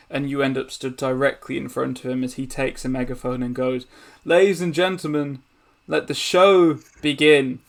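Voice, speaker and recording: A man narrating a tabletop game as game master, relaxed, with hesitant fillers. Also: medium pitch, vocal fry.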